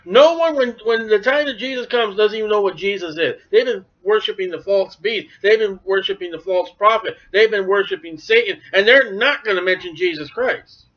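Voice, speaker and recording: Animated preacher man, high voice, lo-fi. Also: normal speed, hardly any pauses. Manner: animated, acts out biblical voices. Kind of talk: sermon. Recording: dull lo-fi recording.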